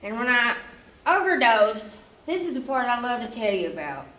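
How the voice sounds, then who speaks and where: A woman's voice: fairly high pitch, very animated, moderate pace, fairly bright tone, reverberant, distant mic, rough recording. A woman giving an emotional, conversational church testimony, often checking in with her listeners. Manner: emotional, conversational, often asks "you know?". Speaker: testimony speaker.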